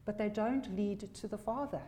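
A woman's voice: mid-range voice, moderate pace, warm tone, a little hiss or hum. A woman preaching a sermon, emphatic, repeating key phrases for weight.

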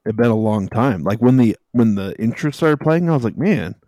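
A man co-hosting a casual podcast from his home office, jokey and halting, often trailing off while searching for words. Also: mid-range voice, lively intonation, dark tone, no room sound, studio quality. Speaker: podcast co-host.

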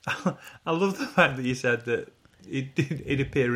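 Host guy, chuckly, casual, middle pitch. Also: expressive, slow, fairly bright tone. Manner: amused, chuckling reactions. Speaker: podcast host. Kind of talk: casual chat.

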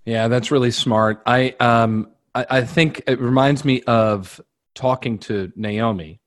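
A middle-aged man with a medium-pitched voice speaks a little slowly. As a podcast host conducting an interview, he chats easily and conversationally, sharing reassuring personal stories about his daughter.

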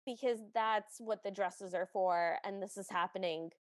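A woman's voice: mid-range voice, moderate pace, no echo. A woman co-hosting a podcast, chatting casually as she retells a film's scenes with dry asides. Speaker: podcast co-host. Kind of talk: casual chat recapping a film.

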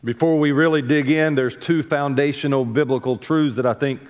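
Male pastor, mid-pitched, casual storytelling sermon delivery, long church reverb. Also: fairly even intonation, moderate pace. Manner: folksy storytelling with asides and self-corrections. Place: church sanctuary.

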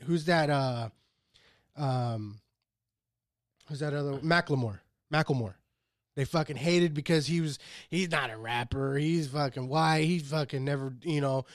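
A man talks in a raised, slightly high voice and argues hard, swearing freely as he plays devil's advocate. His sound is dry and close, with no room around it. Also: no echo. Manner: profane, argumentative, playing devil's advocate. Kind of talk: casual chat.

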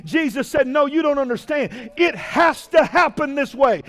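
A man preaching a fiery sermon, shouting and drawing out key phrases and calling out to the congregation. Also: extremely high pitch, expressive. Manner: shouting, drawn-out emphatic preaching with call-outs to the congregation.

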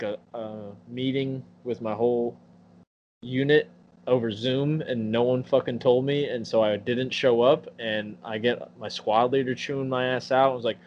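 A man in his twenties chatting on a podcast, blunt and full of swearing as he rants through stories. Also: mid-range voice. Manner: blunt, profane ranting storyteller. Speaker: podcast co-host. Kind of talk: casual chat. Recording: muffled recording with faint hum.

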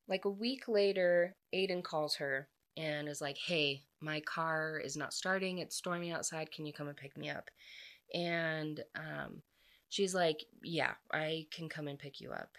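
A woman's voice: sits low, unhurried, fairly bright tone. A woman casually retelling a story's plot, chatty and full of fillers, briefly acting out the characters' lines. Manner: chatty, filler-heavy, acts out quoted dialogue.

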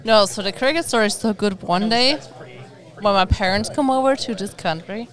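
A woman's voice: mid-range voice, moderate pace. German woman chatting casually. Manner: animated, laughing, protesting. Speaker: podcast co-host. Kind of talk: casual chat.

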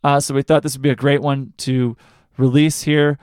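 A man's voice: medium pitch, flat delivery, moderate pace, darkish tone, clear, resonant tone, no echo, studio quality. A young adult man hosting a podcast alone, chatting casually in a rambling, self-deprecating way, with lots of fillers. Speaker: podcast host. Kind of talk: casual chat.

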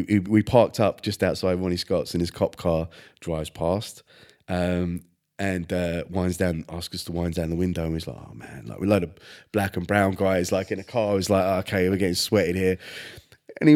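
A man's voice: low voice, fairly even intonation, moderate pace, darkish tone. A man with a laid-back, chatty manner, telling stories as a podcast guest. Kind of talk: casual chat, storytelling.

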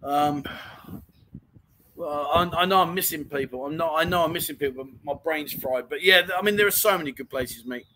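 A man's voice: on the high side, normal speed, sharp tone, a little hiss or hum, rough recording. A man hosting a casual livestream chat show, reading out viewer comments and rambling with easy laughter. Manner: chatty, rambling, laughs easily.

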